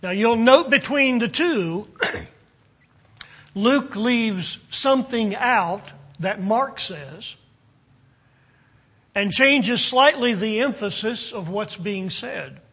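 A man preaching a sermon, reading King James scripture and explaining it with slow, deliberate phrasing. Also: sits high, lively intonation, fairly bright tone, breathy edge. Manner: slow, deliberate delivery with long pauses between phrases. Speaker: pastor.

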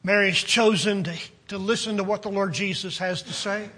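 A man preaching a sermon, reading King James scripture and explaining it with slow, deliberate phrasing. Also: high voice, steady tone, pushed and bright, slightly rough. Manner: slow, deliberate delivery with long pauses between phrases. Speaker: pastor.

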